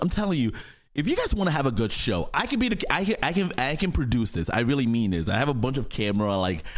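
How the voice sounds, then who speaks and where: A man hosts a casual reaction video with a very lively, swooping delivery. His voice sits in a middle pitch. He rambles and circles back to his points, with chuckling asides.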